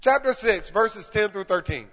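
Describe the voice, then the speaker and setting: A man preaching a sermon in church, calling out to the congregation and swinging from hushed talk to shouting. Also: high voice, lively intonation, normal speed. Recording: reverberant hall, dull lo-fi sound.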